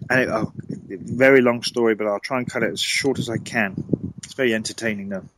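A man's voice: medium pitch, steady tone, brisk, fairly bright tone, a little hiss or hum, poor audio. A man, a guest in a conversation, telling a long story with animation, often laughing and repeating words.

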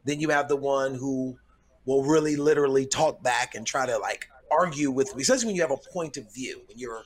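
Measured middle-aged man comedian. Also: mid-range voice. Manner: measured, with frequent restarts as he gathers his thoughts. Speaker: guest comedian. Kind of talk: conversational storytelling.

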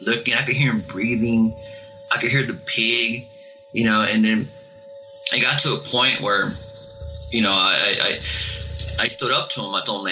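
A man tells his story with a very bright, sharp-edged voice that stays at an ordinary middle pitch. He talks casually and haltingly, stumbling over repeated words and starting lines again, while faint music plays underneath. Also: steady tone, poor audio. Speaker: caller telling ghost stories.

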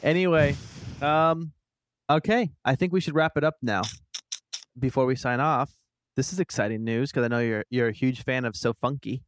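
A man's voice: medium pitch, moderate pace, no room sound. A man co-hosting a podcast in casual chat, playful and teasing. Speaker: podcast co-host.

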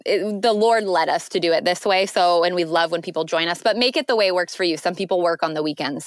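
A woman guest in a casual interview, talking earnestly with lots of filler words and lively rises in pitch. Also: no room sound, clean studio sound. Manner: earnest, animated, frequent "like" fillers. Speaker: podcast guest.

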